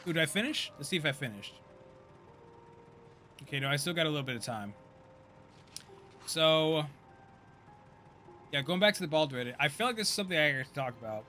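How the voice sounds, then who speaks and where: A man in his thirties giving casual, profane live-stream commentary, chatty and quick to laugh. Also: a little high, expressive, sharp tone, faint music behind. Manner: loose, profane, laughs often, chatty asides.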